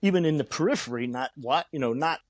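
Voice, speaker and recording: A man's voice: on the high side, fast, no echo. A man who is a guest on an interview show. He tells a long story with lots of energy, acts out the voices of the people in it and often restarts his sentences. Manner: animated storyteller who acts out the quoted lines, with frequent restarts. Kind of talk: storytelling in a conversation.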